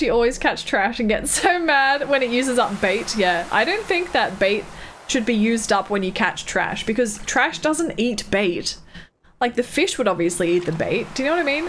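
A woman's voice: on the high side, fairly bright tone, slight background noise. A woman streaming a game, chatting casually with her viewers and laughing often. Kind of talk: casual live-stream chat while gaming.

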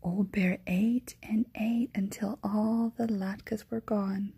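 A woman reading a children's story aloud in a hushed, gentle ASMR whisper. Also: medium pitch, steady tone, slow pace, a little hiss or hum. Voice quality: breathy whisper.

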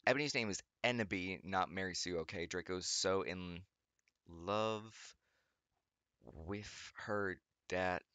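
A man with a fairly low but bright, pushing voice reads a text aloud for laughs. He stumbles over words, groans and breaks off to make sarcastic remarks. The sound is dry and close, as if recorded in a small home studio. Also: vocal fry, dry recording. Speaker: YouTuber reading fanfiction aloud. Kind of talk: comedic reading with sarcastic commentary.

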